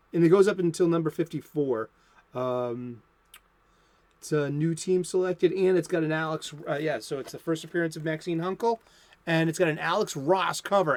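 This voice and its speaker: A man's voice: a little high, no room sound. A man hosting a daily comic book talk show, chatting loosely and enthusiastically with many restarts and fillers, recorded lo-fi at home. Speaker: comic book channel host. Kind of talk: unscripted casual chat.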